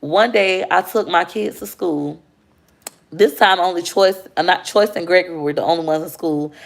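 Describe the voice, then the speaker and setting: A woman speaks candidly to her livestream viewers about motherhood. Her voice sits low with a gravelly fry. She talks with heartfelt openness and calls the audience y'all. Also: normal speed. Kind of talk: emotional personal storytelling on a livestream.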